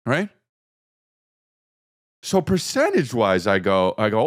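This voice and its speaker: A man's voice: a little slow, pauses often. A man hosting a podcast, telling a comedic story and acting out his own and others' lines with big jumps in his voice. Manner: animated, acts out quotes with big pitch jumps. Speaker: podcast host.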